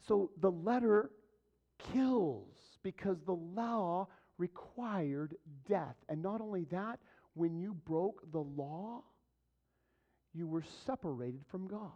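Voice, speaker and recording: A man delivering a sermon in a fairly high voice, teaching in a casual way and asking the congregation question after question. The recording sounds dull and lo-fi. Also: dark tone. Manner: conversational preaching with rhetorical questions. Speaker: pastor.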